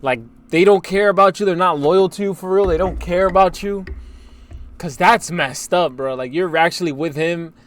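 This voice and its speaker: A man's voice: sits high, moderate pace. A young man co-hosting a reaction show, reacting in disbelief and repeating his points in casual slang. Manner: exclaiming and incredulous, repeats himself. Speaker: co-host reacting to streamer clips.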